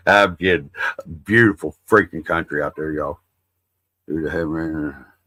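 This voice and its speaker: A man's voice: very deep voice, moderate pace, bright, forceful tone, no echo. A middle-aged man hosting a livestream, rambling in a folksy, profane, casual way. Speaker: livestream host.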